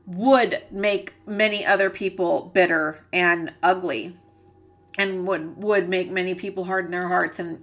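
A woman's voice: lowish voice, sharp tone. A woman giving a channeled reading, earnest and emotional, rambling and searching for words with many fillers. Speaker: psychic reader.

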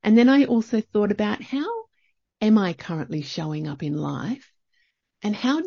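A woman's voice: mid-range voice, very animated, normal speed, vocal fry, dark tone, slightly rough, dry recording, muffled recording. A middle-aged woman, talking reflectively in a chatty solo podcast, often restarting her sentences. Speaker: podcast host.

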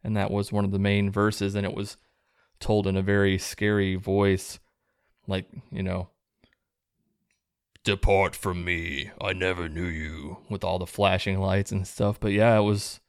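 A man hosting his own show, reading viewer letters aloud in a low-key, plain way and adding relaxed asides between them. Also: moderate pace, clean tone, no room sound, clean studio sound. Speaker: host reading viewer stories.

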